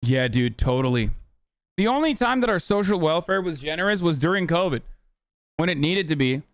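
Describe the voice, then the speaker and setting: A man's voice: on the high side, animated, fairly quick, clean tone, no echo. A man streaming a reaction to a clip, ranting in a heated, profane, casual way.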